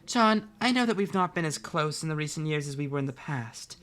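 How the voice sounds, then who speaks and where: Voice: medium pitch, lively intonation, a little fast, fairly bright tone, lightly acted. A reader doing a dramatic read-aloud as a formal, condescending woman. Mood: icy. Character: prim, controlling woman, icy and formal.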